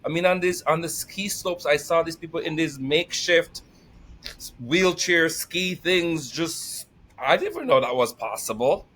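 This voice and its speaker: A middle-aged man talking casually as a podcast guest, energetic and emotional, laughing often and near tears. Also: on the high side, unhurried, a little hiss or hum. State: tearful. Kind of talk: casual conversation.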